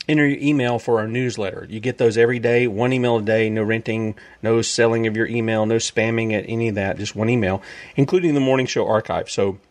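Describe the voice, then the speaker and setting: A male radio show host, rambling casually through announcements and laughing easily. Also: mid-range voice.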